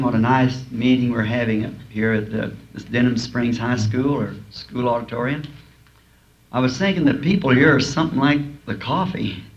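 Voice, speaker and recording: A man preaching to a congregation, telling homespun stories and chuckling at his own jokes. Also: mid-range voice. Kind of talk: folksy sermon with humorous anecdotes. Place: school auditorium before a congregation. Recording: dull lo-fi archival tape with faint hiss.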